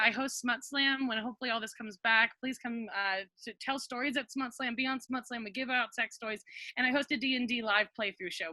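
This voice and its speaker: A young woman telling a comic personal story on a video call, animated and self-mocking, acting out what people said. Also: a little high, dry recording. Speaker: storyteller, guest.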